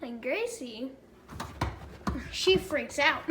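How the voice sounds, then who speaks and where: A woman's voice: sits high, lively intonation, normal speed. A woman vlogging at home, chatting playfully and teasingly with her pet dogs as she films them. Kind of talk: casual off-the-cuff chatter. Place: indoors at home. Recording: noisy home video recording.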